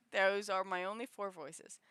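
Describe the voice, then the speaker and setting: A woman's voice: medium pitch, fairly bright tone, smooth, dry recording. A young woman streaming, chatting casually with lots of giggles and fillers. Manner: giggly, filler-heavy rambling. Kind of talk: casual chat on a livestream.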